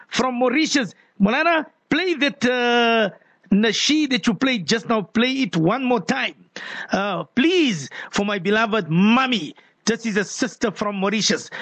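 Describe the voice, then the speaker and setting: A man's voice: extremely high pitch, a bit bright, dry recording. A man hosting a call-in radio show, rambling and repeating his words as he reads out listeners' messages.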